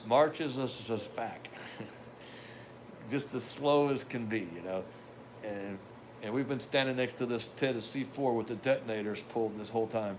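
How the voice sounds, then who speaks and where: A man's voice: medium pitch, moderate pace, slight background noise. An older man hosting a podcast, telling a rambling anecdote in a casual way with wry asides. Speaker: podcast host. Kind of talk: casual storytelling.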